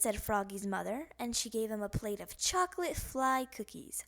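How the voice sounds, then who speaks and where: A woman reading a children's picture book aloud, animated and playful with the sound words. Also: fairly high pitch, normal speed, gravelly, hardly any pauses. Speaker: storybook reader.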